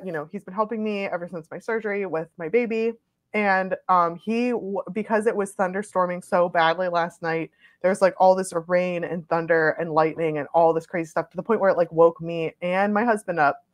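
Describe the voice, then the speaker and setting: A young woman tells a long, rambling story as a guest on a casual live stream. She laughs often as she talks, trailing off and circling back to her point. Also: lowish voice. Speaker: guest, podcaster and author.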